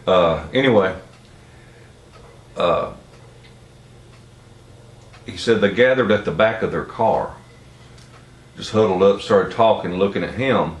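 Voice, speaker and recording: A man's voice: deep voice, slow, long pauses. A middle-aged man with a Southern American accent, telling a rambling, blunt, folksy anecdote. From Tennessee. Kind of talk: casual spoken anecdote. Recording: roomy, distant mic, faint ambience.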